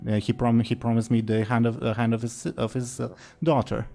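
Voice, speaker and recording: A man's voice: mid-range voice, monotone, fairly quick, creaky, mellow, soft background music, lightly acted. A man voicing a breezy young noble hunter. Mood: earnest. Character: cheerful young male monster-hunting noble.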